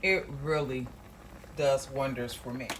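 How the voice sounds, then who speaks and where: A woman's voice: a bass voice, measured pace, slight background noise. A woman hosting a cooking show, talking viewers through a recipe in a homey, chatty way and calling them y'all. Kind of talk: casual cooking demonstration. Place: home kitchen.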